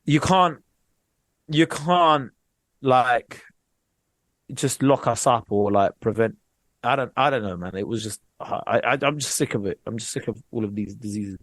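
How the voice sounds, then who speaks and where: A young man tells comic stories on a podcast, packed with slang and repeated phrases. His voice sits at an ordinary pitch and is recorded close and dry on a podcast mic. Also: measured pace, no room sound. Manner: animated storytelling with slang and repetition. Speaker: comedian and podcast co-host. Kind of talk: casual comedy podcast chat.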